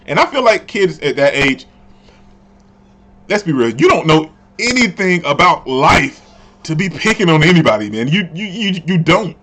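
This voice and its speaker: A man doing a casual comic readthrough, excitable and chatty, who repeats his words and often says "man". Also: on the high side, a little slow, long pauses, a little hiss or hum. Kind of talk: casual reading with commentary.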